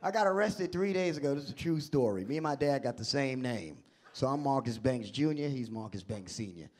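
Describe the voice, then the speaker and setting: A young man doing a stand-up comedy set on a club stage, animated and shouting out his punchlines. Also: medium pitch, a little fast. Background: audience laughter.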